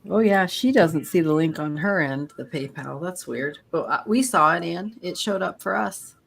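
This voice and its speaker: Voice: medium pitch, normal speed, creaky, fairly bright tone, breathy edge. A live stream co-host in casual chat, easygoing, relaying viewer comments.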